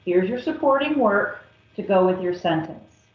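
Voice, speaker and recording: A woman's voice: mid-range voice, lively intonation. A woman math teacher working through a calculus problem step by step, patient and methodical. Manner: slow, patient, step-by-step explaining. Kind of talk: recorded calculus lesson. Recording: echoey, dull lo-fi classroom recording.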